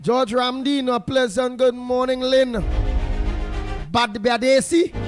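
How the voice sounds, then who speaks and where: A man's voice: very high-pitched, steady tone, slow pace, soft background music. A man with a Trinidadian accent hosting a talk show, chatting in creole phrasing and rattling off listeners' names to greet them. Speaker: radio talk show host. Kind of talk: casual on-air chat greeting listeners.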